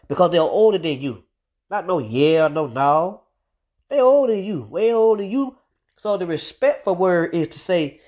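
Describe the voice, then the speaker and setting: A man's voice: high voice, expressive, moderate pace, darkish tone. A young man telling a personal story in a casual monologue, emphatic and repetitive as he drives his point home. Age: young adult. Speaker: vlogger.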